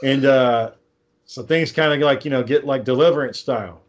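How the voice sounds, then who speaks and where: Man, mid-pitched, casual and profane, pitching a movie idea with filler words. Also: moderate pace. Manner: rambling, profane, acts out quoted lines. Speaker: amateur filmmaker pitching a script. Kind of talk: casual chat.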